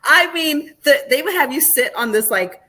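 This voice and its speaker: Bright-voiced woman telling lively stories. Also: high-pitched, moderate pace. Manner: animated storyteller, laughs often. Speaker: podcast guest, pitmaster. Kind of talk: casual interview chat.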